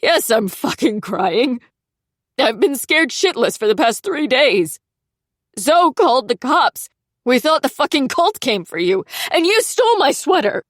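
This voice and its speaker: A hysterical young man, crying and furious, shrieks every word in a high strained voice, as a woman narrator performs him. He swears freely and sounds close to breaking. An audiobook reading. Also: sing-song, a little slow, no echo, full character voice. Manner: shrieking, swearing, on the edge of tears.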